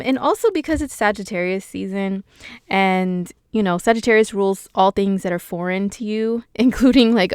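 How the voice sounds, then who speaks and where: A playful, chatty woman with a West Coast American accent, hosting a loose horoscope talk full of slangy asides. Her voice is smooth and crisp. The sound is dry and close, with no room around it. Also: mid-range voice, dry recording. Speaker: astrologer, channel host. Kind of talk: casual horoscope talk to viewers.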